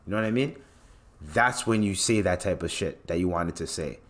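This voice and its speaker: A man with a somewhat low-pitched voice hosts his own podcast. He rants casually, bluntly and mockingly, with plenty of profanity. His delivery is lively and conversational. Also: normal speed. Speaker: podcast host. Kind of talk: ranting casual commentary.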